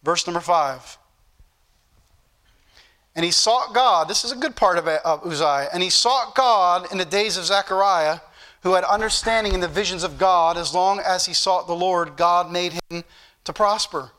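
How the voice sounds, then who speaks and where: High bright-voiced preacher man. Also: normal speed. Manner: preachy, repetitive emphasis. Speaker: pastor. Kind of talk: sermon.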